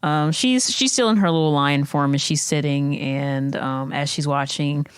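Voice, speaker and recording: A woman playing a tabletop game, playful and giggly, firing off quick questions. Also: sits low, clean tone, no room sound, clean studio sound. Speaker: player.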